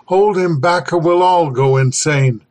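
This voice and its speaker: A man's voice: unhurried, a little mellow, lightly acted. A man voicing a terrified explorer driven half mad, pleading frantically in a strained, raised voice. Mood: frantic. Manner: frantic, pleading, high-strung.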